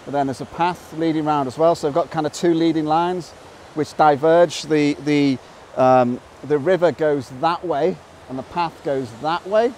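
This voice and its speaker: A middle-aged man, a nature photographer, narrating an outdoor vlog by a waterfall in a valley, excitable and bursting into wows as he explains his photo compositions. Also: fairly high pitch, normal speed, few pauses, slight background noise.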